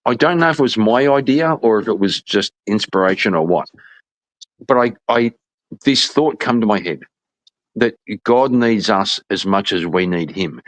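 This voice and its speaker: Animated, swearing man in a casual chat. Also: lowish voice, normal speed. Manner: animated storyteller, laughs often, swears. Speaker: podcast panelist.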